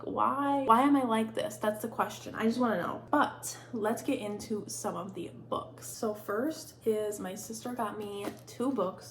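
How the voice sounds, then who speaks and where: A woman in her twenties talks in a casual, rambling vlog style, with lots of "like" fillers, little laughs and self-deprecating asides. Her voice sits at a middle pitch. A faint hiss of noise hangs behind her. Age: 20s. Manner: chatty, rambling, full of "like" fillers. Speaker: book vlogger. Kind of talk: casual chat.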